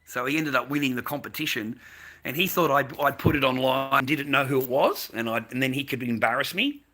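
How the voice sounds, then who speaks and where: A man's voice: mid-range voice, brisk, bright, forceful tone. An Australian man, a mask maker, ranting and rambling on a live stream at home, swearing constantly and laughing often. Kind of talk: casual live-stream rant.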